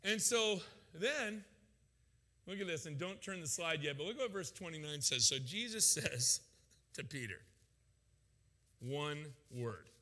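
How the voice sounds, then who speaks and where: Animated, joking male pastor preaching. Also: a little high, measured pace, long pauses. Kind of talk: sermon. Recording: long hall reverb.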